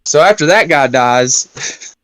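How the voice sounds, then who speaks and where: A man's voice: fairly high pitch, animated, slow, a bit bright, a little hiss or hum. A man in a casual round-table talk, loosely retelling a film plot with lots of fillers and swearing. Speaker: round-table discussion guest.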